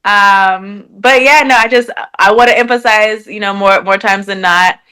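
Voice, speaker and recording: A woman's voice: mid-range voice, normal speed, sharp tone, clean tone. A woman from Texas, a guest on a casual podcast, talking in a teasing, playful way with a lot of laughter. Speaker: podcast guest and radio host.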